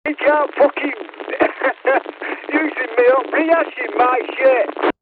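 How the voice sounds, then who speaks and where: A man's voice: extremely high pitch, slow pace. Man on staticky CB radio, jeering and swearing. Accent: Mancunian. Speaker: CB radio operator. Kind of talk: abusive radio banter. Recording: tinny CB radio with loud static.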